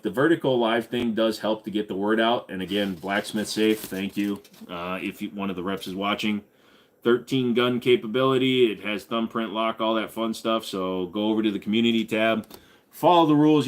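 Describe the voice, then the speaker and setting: Man, livestream host, lowish voice, casual joking talk, loose and profane.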